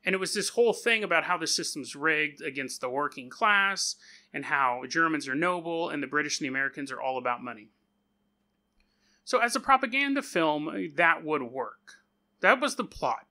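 A man's voice: on the high side, expressive, moderate pace, bright, forceful tone. A man hosting a podcast, retelling a story in a chatty, joking way with offhand asides. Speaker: podcast host. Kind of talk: casual storytelling.

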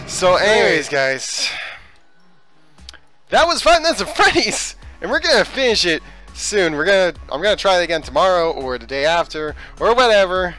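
A man doing gameplay commentary, ranting and swearing at the game, swinging between yelling and hushed muttering. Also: high-pitched, clean tone. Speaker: let's play gamer.

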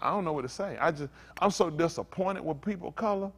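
Man preaching, fiery then weary, higher voice, sermon rant. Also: quick pace. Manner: swings between shouting outrage and weary low muttering. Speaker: pastor.

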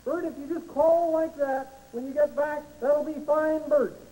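A man's voice: very high-pitched, steady tone, measured pace, mellow, low-quality recording. A man voicing Ernie, a cheerful, oblivious male puppet roommate who talks in a sunny, chuckly way in a children's TV puppet sketch.

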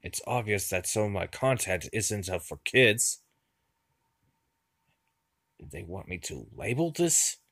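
Male YouTuber, casual vlog; low rough voice, dry close sound, sighs and stalls between phrases. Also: expressive, a bit bright, no room sound. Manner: halting and weary, with sighs and fillers.

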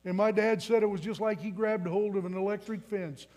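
A man's voice: high voice, fairly even intonation, brisk, darkish tone. A man in his twenties preaching a sermon in a church, telling a personal story earnestly and building to emphatic appeals. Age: 20s. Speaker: pastor. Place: church sanctuary.

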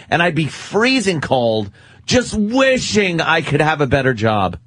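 A man's voice: on the high side, big pitch swings, normal speed, fairly bright tone, no echo. A man, a radio host, telling profane, rueful stories about past jobs in a casual chat.

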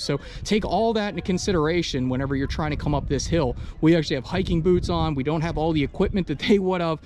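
A man explaining history in a measured, matter-of-fact way during an outdoor walking tour on a hillside, recorded on a body-worn action camera. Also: fairly high pitch, a little mellow, a little hiss or hum. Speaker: battlefield tour guide.

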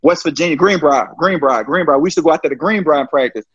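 A man from New Orleans, a pro football player, telling stories in a casual interview, profane and animated, acting out quoted exchanges. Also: fairly high pitch, fast talker, breathy edge, no echo. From New Orleans, USA. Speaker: guest, pro football cornerback. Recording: dry, dull lo-fi sound.

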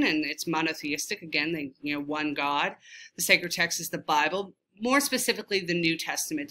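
A woman's voice: deep voice, sharp tone. A woman teacher with a Southern US accent, giving a casual, chatty review lecture and often poking fun at her own pronunciation. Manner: casual, self-deprecating, chatty with fillers.

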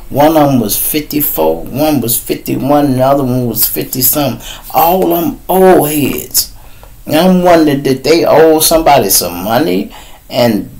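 Male host in his fifties, Chicago accent, mid-pitched, loose profane live-stream storyteller. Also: low-quality recording. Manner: profane, rambling storytelling with bursts of mimicked shouting. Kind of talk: casual live-stream monologue.

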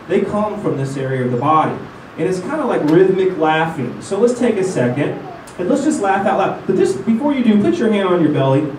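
A man leads a lesson, coaching his students and having them repeat sounds after him. His voice sits a bit high for a man. The sound is roomy and heard from some distance off the mic, with faint noise behind. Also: darkish tone. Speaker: didgeridoo teacher. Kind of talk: instructional lesson.

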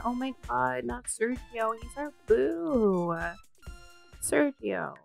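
A woman hosting a let's play, commenting in an excitable, giggly and crude way. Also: on the high side, takes it slowly, vocal fry, soft background music. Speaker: gaming video host.

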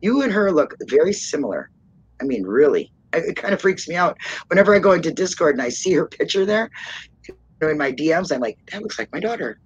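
A woman hosting a casual livestream chat, rambling and calling herself a loudmouth. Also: sits low, sing-song, fast talker, breathy edge, muffled recording. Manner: rambling, self-described loudmouth, laughs often. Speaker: stream host.

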